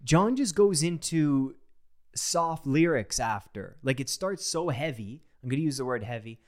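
A young man enthusiastically talking through a song as a reaction host, in a rambling, excited way. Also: mid-range voice, a little slow. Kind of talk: casual reaction commentary.

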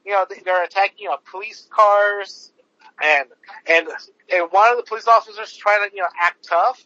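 His voice high, pushed, and bright at normal speed, a podcast host launches into a casual rant thick with swearing, fillers, and restarts. No room sound is present in the dull lo-fi recording.

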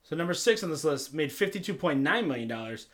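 Bright-voiced young man, teasing. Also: fairly high pitch, sing-song, fast. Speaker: podcast co-host. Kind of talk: casual movie chat, reading a box-office list.

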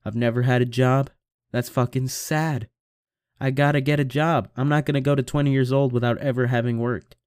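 Young male podcaster, casual and profane, self-mocking, mid-pitched, dry home-mic recording. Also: fairly even intonation, normal speed, darkish tone, smooth, no room sound. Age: young adult. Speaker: podcast host. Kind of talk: casual solo podcast rambling. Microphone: home computer microphone.

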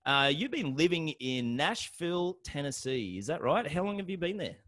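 A man's voice: fairly high pitch, sing-song, a bit bright. An Australian man hosting a podcast, chatting casually and upbeat with a guest. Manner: chatty and upbeat, with quick asides. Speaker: podcast host. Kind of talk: casual interview chat.

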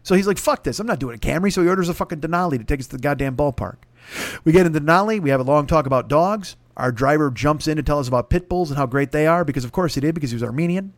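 Brief: male podcast host, fairly high voice, rambling profane storyteller, close dry mic. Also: very fast, dry recording. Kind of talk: comedic storytelling.

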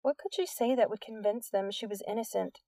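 Woman narrator, gravelly voice, dry and a bit far from the mic. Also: mid-range voice, a little fast, warm tone, no room sound. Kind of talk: audiobook narration.

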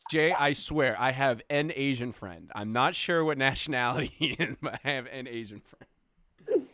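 A man in casual chat, animated and quick to joke and laugh. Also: medium pitch.

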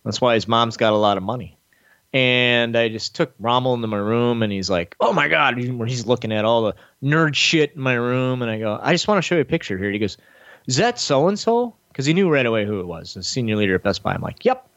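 Speaking at a quick pace, a man hosting a podcast launches into a long story peppered with swearing, casually chatting. The recording is dry and muffled, and he impersonates others' lines with big pitch jumps, animated and profane.

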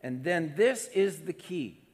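A man preaching a sermon with animated delivery, at times dropping to soft, hushed tones. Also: fairly high pitch, slow pace. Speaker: pastor. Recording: long hall reverb.

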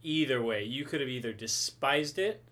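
A woman's voice: extremely low pitch, animated, moderate pace, fairly bright tone. A woman co-hosting a comics podcast in casual, teasing chat, laughing often. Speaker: podcast co-host.

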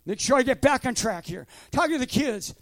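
Man in his sixties, fervent shouting preacher; very high voice, dry close sound. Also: animated, fairly quick, dry recording. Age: 60s. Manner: shouting, fervent, with sudden loud bursts and laughs. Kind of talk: sermon.

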